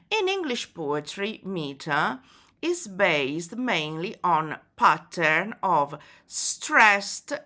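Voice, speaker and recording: A woman giving a poetry lesson, explaining in a measured, deliberate way with frequent fillers. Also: fairly low pitch, pushed and bright. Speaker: literature teacher.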